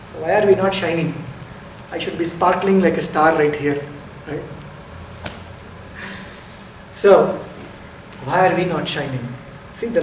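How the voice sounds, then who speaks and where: A man giving a spiritual lecture as a meditation teacher, explaining step by step, asking rhetorical questions and stressing key words. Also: high voice. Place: lecture hall. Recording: roomy hall, distant mic, faint noise.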